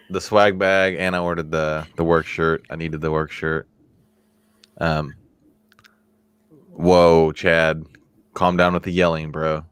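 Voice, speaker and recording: A man's voice: extremely low pitch, level tone, slow pace, long pauses, smooth, no room sound. A man co-hosting a casual podcast chat, jokey and chatty, laughing easily. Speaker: podcast co-host.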